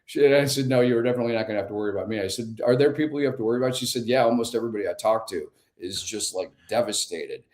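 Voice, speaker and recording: A man in his fifties, a podcast guest, telling a story with lively acted-out dialogue. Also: medium pitch, racing, few pauses. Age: 50s. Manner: animated storyteller, acts out dialogue. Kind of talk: conversational storytelling. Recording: echoey room.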